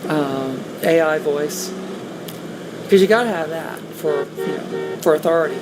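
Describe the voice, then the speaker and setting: A woman's voice: low-pitched, a little slow, over music, poor audio. A woman in casual conversation, talking in a hesitant, rueful way with frequent restarts. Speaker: guest on a talk stream. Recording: steady background noise.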